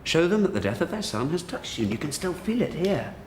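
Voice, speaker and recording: An actor playing a brusque, glib senior doctor in a sitcom, giving a junior colleague blunt advice. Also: male voice, on the high side, big pitch swings, fast, a little mellow, roomy sound, slight background noise. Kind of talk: sitcom acting.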